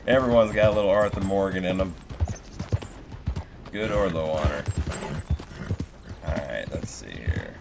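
A man's voice: sits low, a little slow, gravelly, long pauses, heavy background noise. A man streaming a game live, chatting easily and thanking viewers as he plays, talking into a headset. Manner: easygoing, thanking viewers as they go. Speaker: gaming streamer. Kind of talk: live gameplay commentary. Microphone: gaming headset. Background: game music and hoofbeats.

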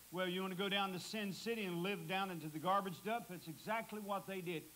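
A man preaching a sermon in a church, emphatic and rising in pitch on key words. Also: fairly quick, sharp tone, a little hiss or hum, poor audio. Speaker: guest preacher.

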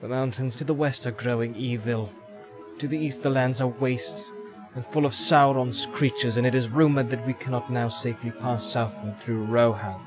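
Brief: a man doing a grave elf warden for an audio drama. Measured and formal, mid-pitched, with music beneath. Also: fairly even intonation, close to an everyday voice. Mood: solemn. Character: stern, dignified male elf guardian. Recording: background music.

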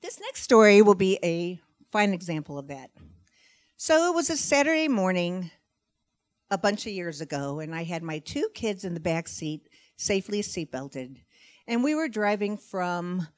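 A middle-aged woman telling a stand-up story on a live comedy stage, wry and animated, breaking into loud outbursts. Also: on the low side.

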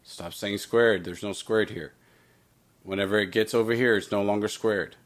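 Male math teacher, fairly low voice, works through problems aloud with light playful asides. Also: steady tone, normal speed. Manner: talks through steps with himself, playful asides. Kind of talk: recorded math lesson walkthrough.

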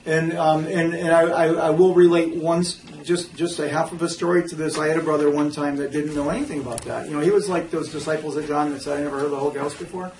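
A man teaching a church Bible class in an animated way, acting out quotes and often restarting his sentences. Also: on the high side, a little fast, few pauses. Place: church meeting room. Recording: echoey room, distant mic, faint noise.

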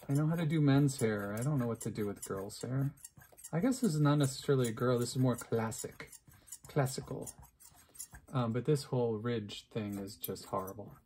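A man's voice: medium pitch, moderate pace, warm tone, slight background noise. A middle-aged man hosting an unscripted craft video, rambling and self-mocking as he talks, with plenty of fillers. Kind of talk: unscripted casual craft vlog.

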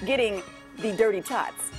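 A woman's voice: mid-range voice, normal speed, music in the background. A woman hosting a morning TV show, upbeat and playful as she introduces a segment and banters with her co-hosts.

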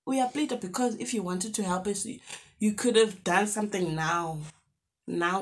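This YouTuber is a young woman with a South African accent, and she's lively and animated as she shares a vlog storytime peppered with local slang exclamations. Her pitch is medium, and there's a slight hiss or hum in the audio.

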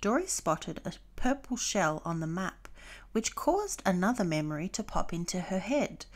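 A woman reading a children's storybook aloud, clear and expressive. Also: lowish voice, normal speed.

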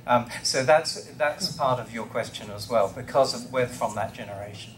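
A man's voice: medium pitch, normal speed, a little hiss or hum. A man in his sixties with a posh English accent, earnestly explaining things on a convention panel. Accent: English, received pronunciation.

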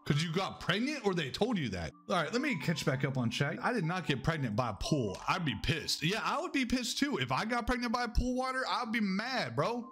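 A young man streaming a game live, joking loudly with chat and swearing a lot. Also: sits high, very animated, a little fast, few pauses, soft background music.

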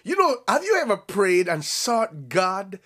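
High-voiced fervent preaching man. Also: huge pitch swings, unhurried. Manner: fervent, shouting, repetitive preaching. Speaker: pastor. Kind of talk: sermon.

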